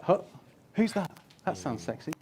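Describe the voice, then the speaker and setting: Male guest speaker, slightly high voice, lively and joking, casual with swearing. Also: normal speed, husky. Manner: animated, swears casually, jokes with the crowd. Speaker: guest speaker on user experience design. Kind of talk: casual presentation talk. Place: event room with a live audience.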